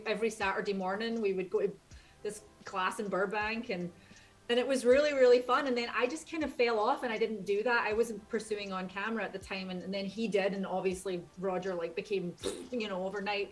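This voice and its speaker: A Scottish woman with a voice of middling pitch. She chats loosely and rambles, often correcting herself as she tells a story from her career. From Scotland. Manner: chatty, rambling, self-correcting. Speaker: voice actor. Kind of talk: casual storytelling.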